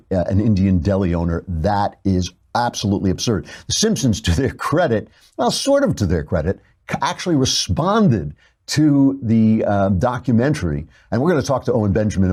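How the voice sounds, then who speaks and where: Guy ranting on his talk show, sarcastic and emphatic, kinda husky voice. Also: on the low side, dark tone. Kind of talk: opinionated commentary monologue.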